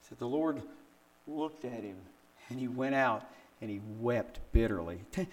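Older male pastor, sermon delivery, animated storyteller who tosses out rhetorical questions and leaps up in pitch for quotes. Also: measured pace. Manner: acts out quotes with big pitch jumps.

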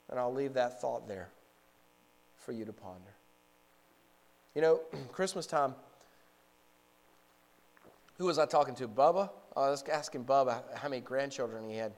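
A pastor in his forties preaching a sermon, moving from a relaxed story to fervent, raised exhortation, with frequent repeated words and restarts. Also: medium pitch, normal speed, long pauses. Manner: frequent word repetitions and restarts.

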